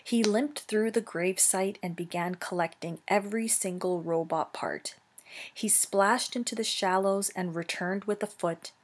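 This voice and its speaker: Woman teacher, read-aloud storytelling, slow pace, slightly husky, self-corrections. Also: mid-range voice. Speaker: teacher reading a novel aloud. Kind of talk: read-aloud of a children's novel.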